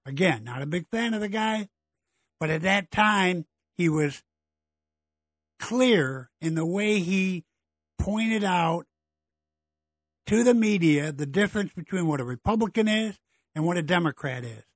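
A man's voice: high voice, lively intonation, measured pace, long pauses, no echo. A middle-aged man hosting a blunt, exasperated political monologue, ranting about government and politicians. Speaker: political commentary host.

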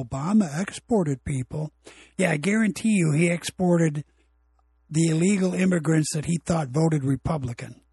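A man hosts his own podcast alone, rambling from one point to the next in a blunt, opinionated way. His voice sits a little high and sounds husky. The recording is dry, with no room sound. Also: darkish tone, no room sound. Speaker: podcast host. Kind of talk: casual solo podcast monologue. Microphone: home recording equipment.

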